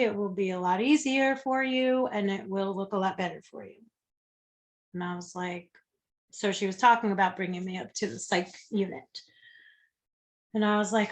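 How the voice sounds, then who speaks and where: A woman guest telling a personal story in a conversation, speaking candidly, swearing freely and acting out the people she quotes. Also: mid-range voice. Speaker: interview guest.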